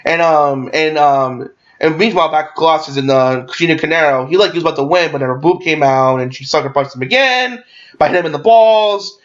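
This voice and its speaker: A man's voice: on the high side, brisk. A man giving a casual movie review, rambling and swearing, with lots of fillers and restarts. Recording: dull lo-fi recording.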